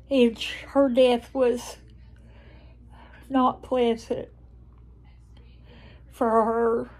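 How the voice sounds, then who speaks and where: Older Southern woman vlogger, slow and mellow, flat even delivery, tender homespun chat. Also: fairly high pitch, vocal fry. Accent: Southern American. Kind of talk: casual chat to camera.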